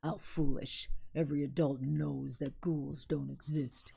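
A woman voicing a dismissive game villager, in a gravelly, husky put-on voice while reading dialogue aloud. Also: low-pitched, flat delivery, unhurried, dark tone, pitched below the performer's own voice, full character voice.

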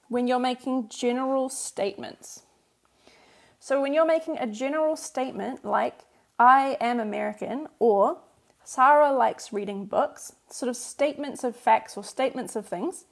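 A woman teaching grammar on a live stream, explaining patiently and repeating points in new words while answering viewers. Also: fairly high pitch. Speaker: Korean language teacher. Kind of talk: live-streamed workbook lesson.

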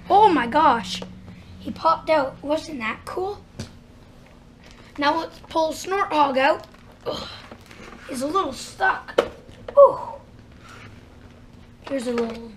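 A woman hosting a casual toy unboxing, chatty and excited as she narrates each step aloud. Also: high-pitched, slow, long pauses, a little hiss or hum. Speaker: unboxing channel host.

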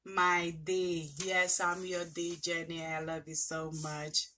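A woman's voice: fairly low pitch, takes it slowly, a little hiss or hum. A woman vlogger gushing and exclaiming as she unboxes a craft parcel from a friend. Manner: gushing, excitable, talks to friend directly. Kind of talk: casual unboxing chat.

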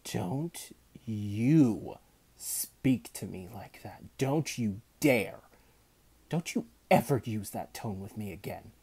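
A man's voice: high-pitched, animated, normal speed, hardly any pauses, mellow, voice pushed up. A man voicing a stern, no-nonsense female school cook who scolds sharply. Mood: scolding.

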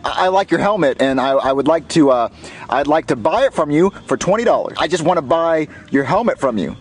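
Guy doing a panicky dad, stammers nonstop, high lively voice. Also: fairly quick, faint music behind, natural voice. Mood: nervous. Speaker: father. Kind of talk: puppet comedy skit.

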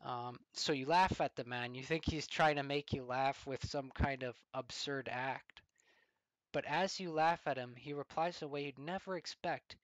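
A man giving a storytelling commentary, deliberate and fond of rhetorical questions. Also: medium pitch, a bit bright, no echo, low-quality recording.

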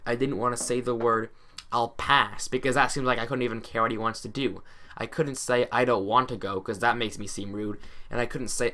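A man's voice: mid-range voice, fairly bright tone. A man talking casually over his gameplay as a YouTuber, rambling and hesitant with many restarts and self-conscious asides. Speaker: gaming YouTuber.

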